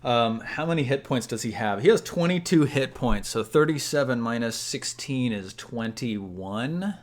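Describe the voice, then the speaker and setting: A man's voice: mid-range voice, lively intonation, a little slow. A young man acting as game master, narrating a tabletop game casually and explaining the rules step by step.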